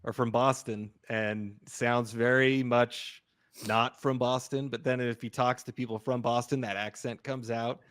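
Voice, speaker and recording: Male podcast co-host, relaxed and agreeable casual film chat, average pitch. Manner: easygoing, agreeable, quick to laugh.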